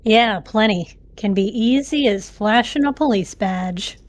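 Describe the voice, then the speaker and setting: A woman's voice: medium pitch, a little slow, close to an everyday voice. A woman voicing a male cop in a cowboy-style drawl for a game playthrough, with a dry, sly delivery.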